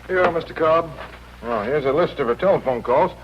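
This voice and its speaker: An actor playing a brisk, cynical hotel clerk in an old radio drama. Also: male voice, a little high, animated, breathy edge. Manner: brisk, wisecracking. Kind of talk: 1950s radio drama acting. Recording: dull lo-fi old radio recording.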